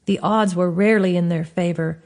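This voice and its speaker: An admiring male worker angel from a fantasy storybook speaks earnestly and evenly, as a woman reads his lines. The delivery is measured and plain. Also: fairly low pitch, steady tone, a little mellow, close to an everyday voice.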